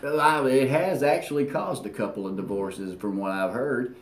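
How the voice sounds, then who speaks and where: A man spins a long, animated anecdote in a middle-range voice. He ribs himself as he goes. The room adds a noticeable echo. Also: medium pitch, moderate pace. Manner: animated, self-deprecating, acts out quotes. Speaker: co-host. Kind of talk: rambling anecdotal storytelling. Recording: roomy echo.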